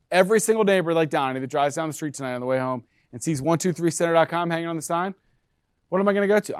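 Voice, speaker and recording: Male presenter, lively sales talk to agents, slightly high pitch, dry recording. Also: no echo. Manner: energetic, talks to the room with frequent "right?". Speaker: brokerage presenter.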